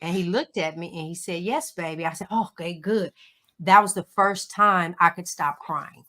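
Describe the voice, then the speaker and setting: A middle-aged woman, a guest on a livestream call, telling a personal story in an emotional, animated way. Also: lowish voice, normal speed. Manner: emotional, animated storytelling with Southern turns of phrase.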